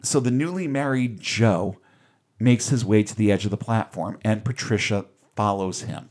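A man's voice: lowish voice, moderate pace, a little mellow. A man casually retelling a movie's plot on a podcast, wry and offhand, with the odd swear. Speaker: podcast host recapping a film. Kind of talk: casual recap chat.

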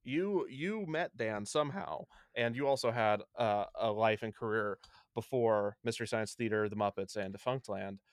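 Easygoing low-voiced male host. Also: normal speed, dry recording, studio quality. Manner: easygoing, with fillers. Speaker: podcast host. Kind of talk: casual interview chat.

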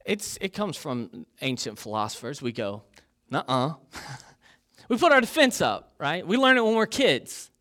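A man's voice: a little high, big pitch swings, moderate pace, a bit bright. A young man giving a casual sermon as a pastor, joking and poking fun at himself, with plenty of ums and uhs. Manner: joking and self-deprecating, with many fillers.

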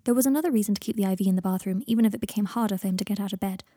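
A woman narrating a fan fiction audiobook in a steady, measured reading voice. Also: medium pitch, slightly rough, no room sound, studio quality.

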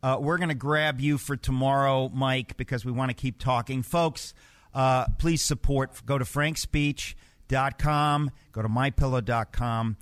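Mid-pitched male talk show host. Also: fairly even intonation, fairly bright tone. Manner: measured, wrapping up the show.

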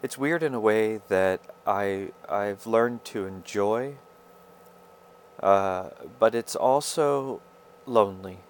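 A man with a slightly low voice talks alone into his podcast mic. His speech is halting and confessional, full of fillers and restarts as he searches for words. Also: a little hiss or hum. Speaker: podcast host. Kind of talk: rambling personal monologue.

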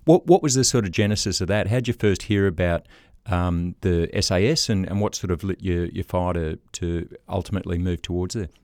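A man with a low, smooth voice co-hosts the podcast. He explains for listeners and asks questions, pausing often on ums. The recording is dry and close. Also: a little mellow, no echo. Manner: hesitant, many ums while explaining. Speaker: podcast co-host. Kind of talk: interview questions.

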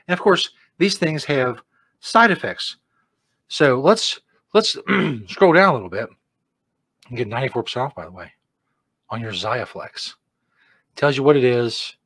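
A man hosting a comedy show, mocking a commercial with crude jokes and loud put-on outbursts. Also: medium pitch, lively intonation, moderate pace, long pauses, no echo. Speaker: comedy host reacting to an ad.

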